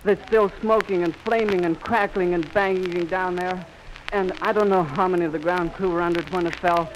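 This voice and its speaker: Old-time radio guy calling it live outside, high-ish voice, faint rain hiss on an old recording. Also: fairly even intonation, fairly quick. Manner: florid, announcer-style description; frantic, sobbing, breathless outcry. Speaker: radio reporter. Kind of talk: live on-the-spot radio commentary. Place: outdoors at an airfield in rain. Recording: 1930s archive recording with faint rain noise.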